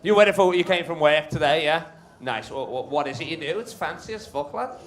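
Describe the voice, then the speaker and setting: Performing stand-up at a comedy club, a man with a voice on the high side talks fairly quickly and animatedly. He banters brashly with the live audience and swears freely, and the recording is a live one with the crowd audible.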